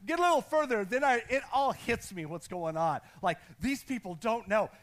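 A man's voice: sits high, normal speed. An American man preaching as a pastor, telling a personal story with restless energy and calling on the congregation to answer. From United States. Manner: energetic, restless, self-deprecating, calls on the congregation. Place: church sanctuary.

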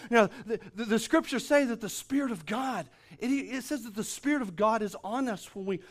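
Man, pastor, sermon, high-pitched, emphatic, repeats phrases, middle-aged. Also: moderate pace.

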